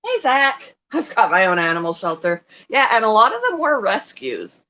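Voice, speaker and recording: A woman's voice: a little high, very animated, moderate pace, bright, forceful tone, poor audio. A middle-aged woman hosting a casual livestream, chatting in a rambling way with frequent ums as she talks about her pets. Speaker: livestream host and pet keeper.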